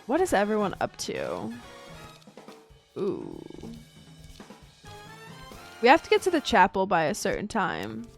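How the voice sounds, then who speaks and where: A woman's voice: mid-range voice, wildly swooping pitch, takes it slowly, gravelly, long pauses, soft background music. A woman streaming a story game, reading the text aloud and chatting through her choices.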